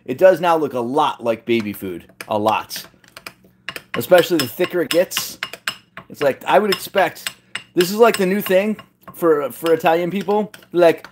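High-voiced, chatty kitchen host. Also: male voice, expressive, normal speed, background noise. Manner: chatty, joking, self-deprecating. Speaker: cooking challenge host. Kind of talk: casual live-stream chat. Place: home kitchen.

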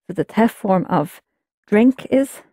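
A woman teaching a language class in a patient, explanatory way, setting out each rule and then prompting her students to try it. Her voice is mid-pitched and recorded close and dry. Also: animated, slow pace, dark tone, dry recording. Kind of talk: guided language lesson.

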